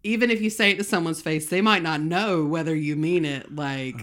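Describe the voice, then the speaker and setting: A woman with a Southern US accent co-hosting a casual podcast, playful and quick to laugh, drawling her slang. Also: low-pitched, a bit bright. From American South. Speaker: podcast co-host. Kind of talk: casual chat.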